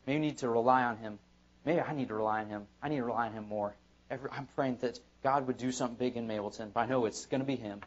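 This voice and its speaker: A man preaching an evening church sermon at a middle pitch. He presses his points through repetition and emphasis. The recording sounds dull and lo-fi. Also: rapid-fire. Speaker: pastor.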